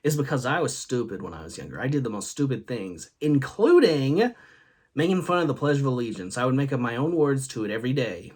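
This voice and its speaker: Man young male host, rambling jokey storyteller, animated up-and-down delivery, laughs at himself. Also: medium pitch, fairly quick, slightly rough. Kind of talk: casual solo talk video.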